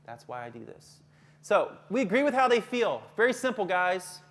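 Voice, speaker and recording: Speaking at a normal speed with big swings in pitch, a middle-aged man with a high, slightly bright voice leads a live teacher workshop. As a counselor, he jokes, chats, and often puts questions to the audience.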